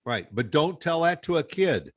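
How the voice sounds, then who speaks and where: A man hosting a podcast in casual chat, speaking haltingly with frequent restarts. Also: a little high, big pitch swings, slightly rough. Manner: halting, many restarts and fillers. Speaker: podcast host.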